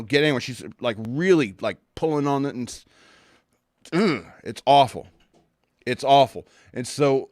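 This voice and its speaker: Man, podcast host, sarcastic rant, plain mid pitch, dry close sound. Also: no echo. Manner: sarcastic, blunt, with profanity; rambling with many restarts. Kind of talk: casual opinion rant.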